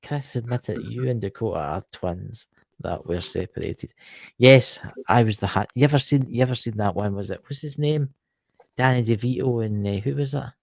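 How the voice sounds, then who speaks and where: Gravelly Scottish man bantering. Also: mid-range voice, moderate pace, a little mellow, no room sound. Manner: joking, teasing, laughs often. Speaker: podcast co-host. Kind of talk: casual banter.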